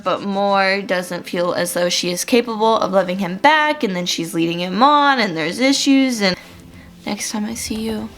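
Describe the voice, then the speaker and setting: A woman's voice: medium pitch, fairly bright tone. A young woman chatting casually in a reading vlog, gushing about a book with lots of fillers, tearful at times. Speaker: book vlogger.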